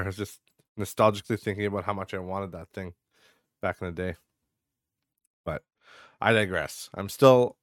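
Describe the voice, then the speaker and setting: A man's voice: fairly low pitch, fairly bright tone, smooth, no echo. A young adult man hosting a casual solo podcast, ranting with frequent swearing and lots of filler words into a close mic. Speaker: podcast host.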